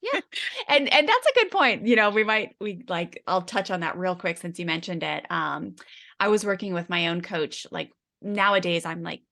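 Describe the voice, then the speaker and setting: A woman's voice: on the low side, sing-song, normal speed, vocal fry, bright, forceful tone. A woman parenting coach in a casual interview, chatty and full of "like" fillers, acting out her own inner voice.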